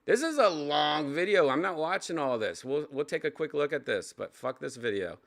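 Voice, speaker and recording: A man hosting a casual reaction video, cursing, laughing and shouting in exasperation at what he watches. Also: fairly high pitch, animated, normal speed. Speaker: host reacting to a video list.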